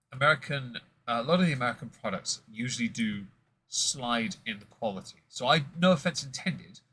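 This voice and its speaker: A man's voice: medium pitch, pushed and bright, slightly rough, poor audio. A man hosting a casual whisky tasting stream, rambling and joking with many fillers.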